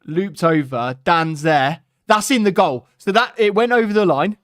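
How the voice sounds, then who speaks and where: A man hosting a live football watchalong, talking excitedly with his co-host and his viewers. His voice sits fairly high and leaps around a lot. It is recorded close and dry. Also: normal speed, dry recording. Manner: excitable, chatty, laughing, talks to the chat. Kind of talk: live match watchalong chat.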